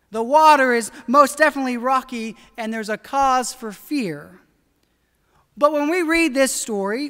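A woman pastor preaching a sermon in an earnest, deliberate way, slowing down for emphasis. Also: high-pitched, fairly bright tone. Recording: long church reverb.

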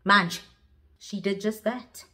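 A woman's voice: mid-range voice, animated, unhurried. A young woman telling a story in a dramatic vlog style, switching languages as she goes. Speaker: vlogger.

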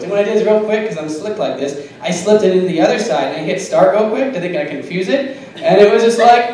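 High-voiced man doing absurd stand-up. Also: fast talker. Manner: deadpan, punny, giggling at own jokes. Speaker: stand-up comic. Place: small bar stage. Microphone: phone camera. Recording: echoey bar, phone from far off, crowd.

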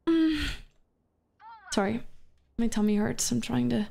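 A woman streaming a game and chatting with her viewers in a loose, playful way. Her voice sits a little high, and she swears, laughs easily and reads messages from chat aloud. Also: slow, creaky, long pauses, mellow. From Canada. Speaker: VTuber streamer. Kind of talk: casual live-stream chat while gaming.

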